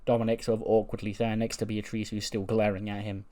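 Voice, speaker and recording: A man's voice: on the low side, flat delivery, quick pace, warm tone. A man casually narrating a wrestling simulation playthrough, rambling with fillers. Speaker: game commentator.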